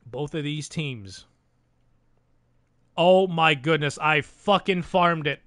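A man live-streaming commentary on a hockey video game simulation, talking to his chat, swearing freely and breaking into loud exasperated outcries. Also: on the high side, slow pace, no echo, clean studio sound.

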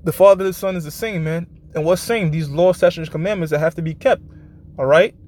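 A man with a notably high voice preaching live in a blunt, profane, street-talk manner. He keeps checking in with his listeners and drops into a slow, deliberate cadence whenever he reads scripture aloud. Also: a little mellow. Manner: slows down for scripture passages. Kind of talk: informal preaching with scripture reading.

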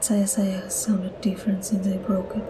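A woman voicing a timid young shrine girl in a game, in a breathy whispered role-play over background noise. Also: mid-range voice, little pitch movement, normal speed, dark tone, natural voice. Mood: hushed.

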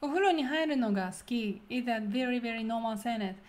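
A woman with a Japanese accent hosting a casual language lesson, talking quickly and laughing often. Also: fairly high pitch, lively intonation, darkish tone. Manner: quick, laughing, switches between English and Japanese. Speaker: Japanese teacher host.

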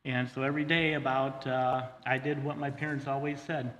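A middle-aged man telling his personal testimony in a church, earnest and halting, with many fillers and restarts. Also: medium pitch, little pitch movement, a bit bright. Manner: earnest, says he gets choked up. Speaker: guest speaker sharing his testimony. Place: church hall. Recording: long hall reverb, faint ambience.

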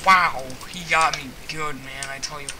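A man hosting a gaming channel, chatting loosely over his gameplay with lots of fillers and quick reactions. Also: a little high, level tone, very noisy. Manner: rambling, filler-heavy chat while reacting to the game. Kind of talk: casual gameplay commentary. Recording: loud mechanical keyboard clicking behind voice.

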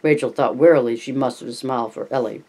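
A man reading a novel aloud as an audiobook, steady, with small slips and restarts. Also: medium pitch, fast talker. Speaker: audiobook reader. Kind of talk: scripted narration.

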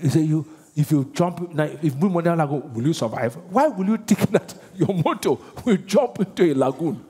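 Animated Nigerian pastor preaching. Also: male voice, fairly high pitch, normal speed, few pauses, husky. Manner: call-and-response questioning, animated, acts out voices. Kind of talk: sermon.

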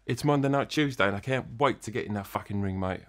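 A man plays a crude, swaggering old-school British wrestling legend appearing as an interview guest, swearing constantly with cocky geezer bravado. His natural voice sits on the low side, and he talks quickly.

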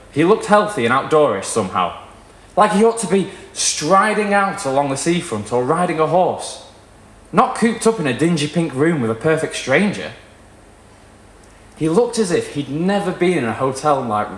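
Man reading a story live, lots of up and down in his voice, echoey room. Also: fairly high pitch. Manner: expressive storytelling. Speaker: reader.

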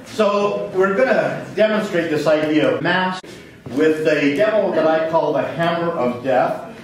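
Echoey lecture-hall man, lively. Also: on the high side, unhurried, background noise. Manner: lively storytelling with chuckles. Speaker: physics lecturer. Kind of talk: live classroom lecture.

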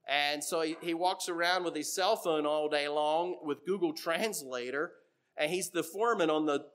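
A middle-aged man preaching a sermon in a church, telling stories and getting animated when he quotes other people. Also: on the high side.

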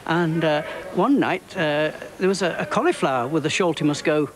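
A man's voice: a little high, normal speed, noisy background. A man who played in an orchestra tells stories in an interview and hums out rhythms. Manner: chatty, imitates rhythms. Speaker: orchestra musician. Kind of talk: anecdotal interview.

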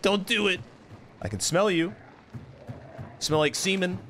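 A man streaming gameplay, excitable and mock trash-talking, with sudden shouts. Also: high voice, measured pace, background noise. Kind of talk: live-streamed gameplay commentary.

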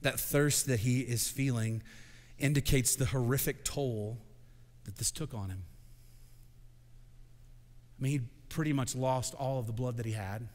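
A man preaching a sermon as senior pastor, moving from quiet, hushed reflection up to shouted proclamation. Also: medium pitch, a little slow, in a large hall. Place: church sanctuary.

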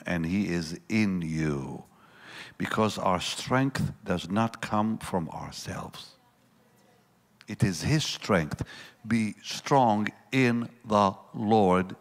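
Slow, low-voiced preacher in a reverberant hall. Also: male voice. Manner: dramatic swings between loud and hushed; acts out the voices in the story. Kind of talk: sermon. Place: large church hall. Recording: long church reverb.

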